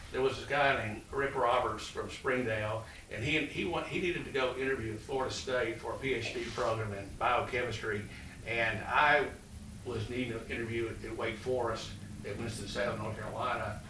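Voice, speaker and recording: A college president in his sixties tells rambling stories to an audience, packing his talk with fillers. His medium-pitched voice is bright and forceful, with fairly even intonation and a moderate pace. The recording has an echoey room, a distant mic, and faint noise.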